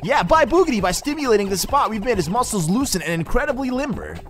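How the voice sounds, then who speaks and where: A man's voice: high voice, big pitch swings, fast, fairly bright tone, a little hiss or hum, voice pushed up. A man voicing a fussy old male mushroom butler with a put-on Indian accent, reading game dialogue in a formal, sing-song way. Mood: explaining.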